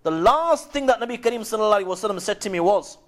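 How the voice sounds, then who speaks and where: A man's voice: high-pitched, expressive, racing. A man voicing a humble, trustworthy early Muslim commander as he retells a story. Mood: earnest.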